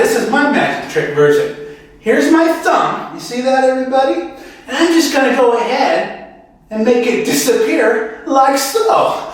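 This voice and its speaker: A man doing a homemade comedy sketch, giggling and rambling, calling out to the audience. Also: extremely high pitch. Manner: giggly, rambling, keeps saying "you guys". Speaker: amateur comedian. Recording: echoey room from far off.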